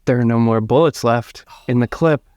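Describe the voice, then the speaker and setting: A man narrating an improvised comedy adventure, pausing and restarting often. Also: medium pitch, darkish tone, no room sound, studio quality. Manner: hesitant, halting narration. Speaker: improv comedy podcast co-host. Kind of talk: improvised storytelling.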